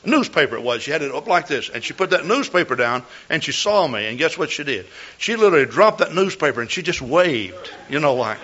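A man's voice: on the high side, big pitch swings, brisk, hardly any pauses, sharp tone. An older man preaching a sermon as a pastor, telling a folksy story with repeated words and restarts. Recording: dull lo-fi recording.

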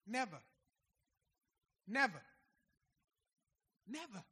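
A man in his fifties preaching a sermon, emphatic and dramatic, swinging between loud exclamations and soft asides. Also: high voice, sing-song, very slow, breathy edge. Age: 50s. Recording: long hall reverb.

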